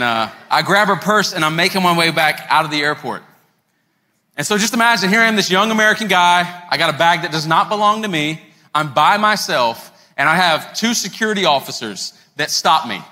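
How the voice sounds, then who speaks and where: A man's voice: on the high side, pushed and bright. A man in his thirties preaching a sermon as a pastor, telling a story in a conversational way and speaking straight to the congregation. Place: church sanctuary. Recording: long hall reverb with faint music.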